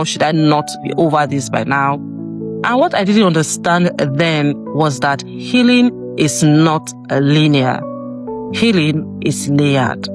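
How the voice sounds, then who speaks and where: A woman giving a calm, measured and earnest motivational voice-over about healing. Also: sits low. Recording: voice over clear music.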